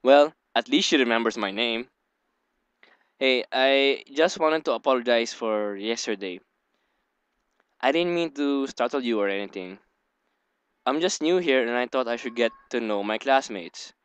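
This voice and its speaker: A young man hosting a let's play, reading a visual novel aloud and breaking off into rambling, giggly asides. His voice is smooth and clean, and it sits right at a dry desk microphone with no room sound. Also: mid-range voice, lively intonation, measured pace, pauses often, fairly bright tone, dry recording, highs cut off.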